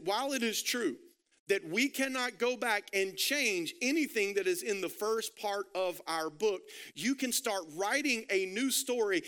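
A man preaching a sermon, emphatic and repetitive, swinging between hushed lines and loud ones. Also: high voice, smooth. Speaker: pastor.

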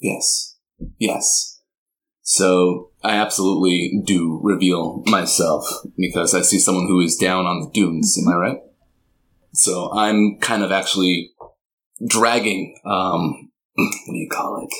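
Slow, deep-voiced man player. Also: rough recording. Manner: slow, relaxed, unhurried. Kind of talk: tabletop role-play.

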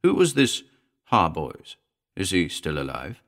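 A man voicing an eager gentleman house buyer who presses quietly and intensely for a ghost story. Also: sits low, wildly swooping pitch, measured pace, heavily acted. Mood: pressing.

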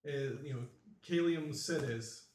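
A man's voice: fairly high pitch, a little slow, far from the mic, a little hiss or hum. Man running a tabletop game, echoey room. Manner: relaxed, with fillers and restarts while describing. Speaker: game master. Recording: roomy echo.

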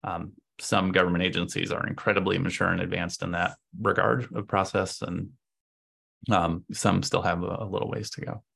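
A man with a very low voice speaks as a podcast guest. There is a gravelly fry running through his words. He gives long, explanatory answers in casual interview talk and works out his points aloud. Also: flat delivery, normal speed, sharp tone. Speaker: podcast guest, agency co-owner.

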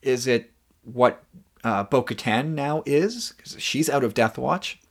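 A man's voice: medium pitch, slow pace. Musing man chatting on a podcast. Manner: thoughtful, musing, frequent restarts. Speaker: podcast co-host. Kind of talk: casual chat.

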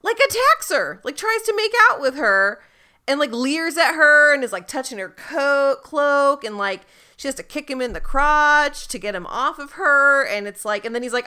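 A woman's voice: sits high, animated, moderate pace, pushed and bright. A woman co-hosting a casual book club chat, retelling scenes animatedly with wry jokes. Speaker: podcast co-host.

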